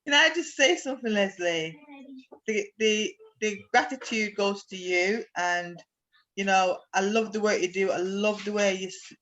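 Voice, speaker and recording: A woman's voice: medium pitch, a little slow, fairly bright tone, muffled recording. A woman guest on a video call, speaking with effusive, heartfelt praise in a casual chat.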